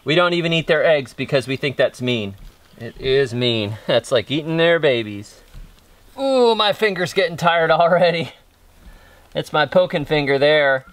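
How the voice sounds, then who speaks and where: A man's voice: fairly high pitch, expressive, normal speed, fairly bright tone. A man chatting goofily and cheerfully in a casual vlog while planting seeds in an outdoor vegetable garden. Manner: chatty, goofy, upbeat. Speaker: gardening YouTuber.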